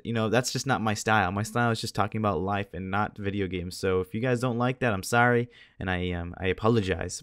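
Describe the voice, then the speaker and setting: A man's voice: lowish voice, no room sound, studio quality. Tired, scratchy-voiced teenage guy rambling. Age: teens. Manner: chatty, rambling, laughs at himself. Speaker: gameplay commentator. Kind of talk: casual rambling video commentary.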